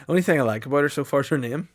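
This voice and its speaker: A man co-hosting a podcast, talking bluntly in casual banter, swearing and laughing often. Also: a little high. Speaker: podcast co-host.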